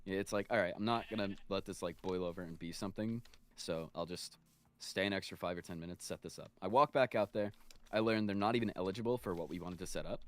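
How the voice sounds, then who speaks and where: A man's voice: low-pitched, fast. A man in his twenties, swearing freely as he tells an exasperated story in a casual chat while gaming. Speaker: streamer's guest.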